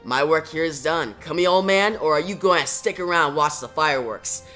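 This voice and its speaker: A man's voice: a little high, brisk, sharp tone, faint music behind. A man reading the lines of an arrogant, cruel male speedster, speaking in a taunting way.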